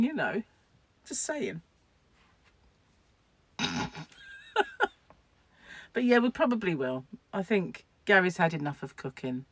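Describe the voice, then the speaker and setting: A woman's voice: lowish voice, animated, measured pace, long pauses, no room sound. Chatty woman vlogging at home. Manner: chatty, rambling, laughs often at her own asides. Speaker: crochet vlogger. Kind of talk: casual chat to camera.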